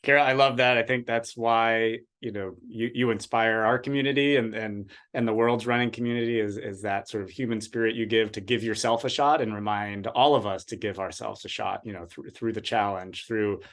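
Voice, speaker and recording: Halting, rambling man coach host. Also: on the low side, fairly even intonation, a bit bright. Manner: rambling, halting questions with many restarts. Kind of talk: interview questions.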